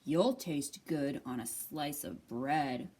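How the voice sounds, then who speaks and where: A woman doing a deep gruff storybook monster. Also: slow, darkish tone, heavily acted. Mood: menacing. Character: huge gruff male forest monster. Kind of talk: children's storybook reading.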